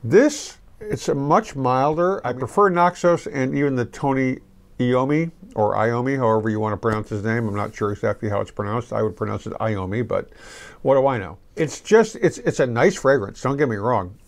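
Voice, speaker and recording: A man's voice: mid-range voice, fairly quick, gravelly. Rambling middle-aged man reviewing fragrance. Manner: relaxed, rambling, with restarts. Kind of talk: casual product review to camera.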